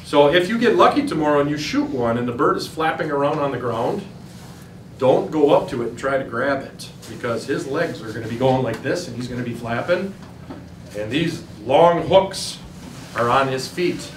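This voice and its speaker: A man's voice: medium pitch, animated, normal speed, slight background noise. A man with an Upper Midwest American accent giving a plain, folksy, step-by-step demonstration for hunters. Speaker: turkey hunting instructor. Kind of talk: outdoor demonstration talk to hunters. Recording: roomy sound, voice from a distance, faint ambience.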